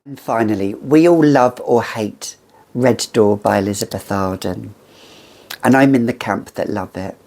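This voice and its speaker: Woman in her 50s chatting about perfume, slow and drawn out, kinda gravelly, dramatic gushy asides. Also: extremely low pitch, dark tone. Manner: chatty and theatrical, gushing asides. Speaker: fragrance reviewer. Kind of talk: casual chat to camera.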